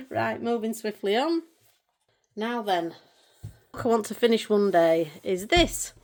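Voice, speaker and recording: Chatty, emotional woman. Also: mid-range voice. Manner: chatty, emotional, laughs often. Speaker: colouring channel vlogger. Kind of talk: casual chat showing books.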